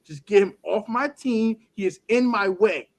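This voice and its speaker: A man co-hosting a casual sports talk show, animated and laughing often as he acts out other people's words. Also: high voice, unhurried. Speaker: podcast co-host.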